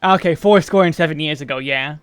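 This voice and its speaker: American guy rambling thru a game stream, highish smooth voice, dry close mic, faint music behind. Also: brisk, no echo. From United States. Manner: chatty, thinks aloud, trails off. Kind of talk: casual livestream chat while playing.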